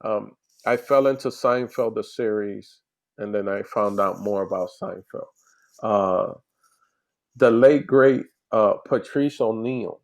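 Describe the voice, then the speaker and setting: A man, a comedian, chatting casually in an interview over a video call, animated and rambling with restarts. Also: lowish voice, slow, gravelly. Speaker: comedian guest.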